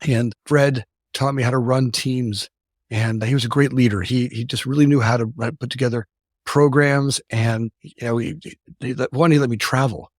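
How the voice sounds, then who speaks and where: A man in his fifties from the United States, a company founder telling stories as an interview guest. He talks rapidly, tags his lines with "right?" and often restarts his sentences. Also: mid-range voice, fairly even intonation, no echo, studio quality. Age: 50s. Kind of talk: casual storytelling interview.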